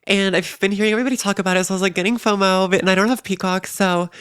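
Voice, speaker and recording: A young woman chats upbeat as a podcast co-host, tossing in casual slang. Her voice is smooth and resonant, and the recording is dry with no room sound. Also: medium pitch, fairly even intonation, rapid-fire, a bit bright, no room sound. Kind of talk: casual chat.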